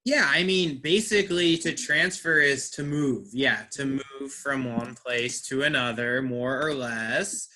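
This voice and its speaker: A man's voice: medium pitch, a little slow, hardly any pauses, pushed and bright. A man teaching an English class, who checks understanding with frequent "right?" and repeats words to drill their stress.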